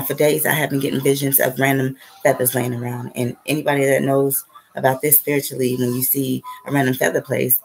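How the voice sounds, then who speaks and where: A spiritual vlogger with a rumbling low, creaky voice tells a casual, meandering story on a rough recording. She swears openly and keeps checking in with "okay?" and "right?"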